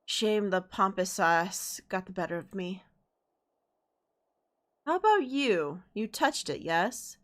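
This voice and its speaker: A woman with a sore throat reading aloud the lines of a calm, confident male dark knight mentor from a game, in a measured, wry way. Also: medium pitch.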